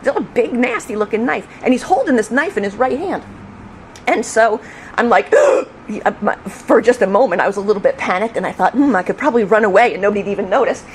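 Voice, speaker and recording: A middle-aged woman tells an animated story in an interview, her pitch bouncing up and down. She acts out the shouts with real energy. A faint noise sits under the recording. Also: fast talker. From New York State. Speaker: retired police officer telling a story.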